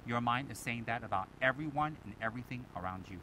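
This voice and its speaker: A Buddhist teacher giving a dharma talk to students, animated and emphatic, firing rhetorical questions and mimicking other people. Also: male voice, mid-range voice, fast talker, few pauses, slight background noise, poor audio.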